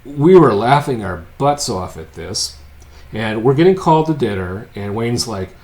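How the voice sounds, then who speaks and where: A man's voice: lively intonation, normal speed. A man teaching a physics lecture in a casual, joking way, telling a story with wry asides before working through a problem. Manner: wry, joking storyteller, swings between loud and low asides. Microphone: unseen lecturer, voice-over of board work.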